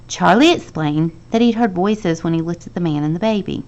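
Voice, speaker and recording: A woman teacher reading a children's novel aloud to her class, expressive and lively, with the dialogue acted out. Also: fairly low pitch, a little fast.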